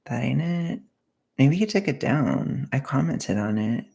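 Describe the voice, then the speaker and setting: Brief: rambling woman streamer, gravelly fry in her voice, chatty with whispered ASMR bits. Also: extremely low pitch, expressive, unhurried, mellow. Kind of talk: casual chat with ASMR whispering.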